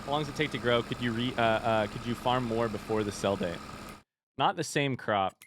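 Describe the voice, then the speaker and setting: Indiana guy streaming a game, chatty, thinks out loud, reads chat, mid voice. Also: mid-range voice, brisk, background noise. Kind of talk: casual live-stream chat while gaming.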